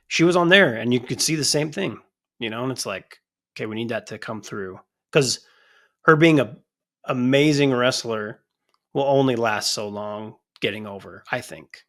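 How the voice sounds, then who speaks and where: Casting: male podcast co-host, gravelly texture, animated and profane delivery. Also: medium pitch. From United States. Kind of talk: casual chat.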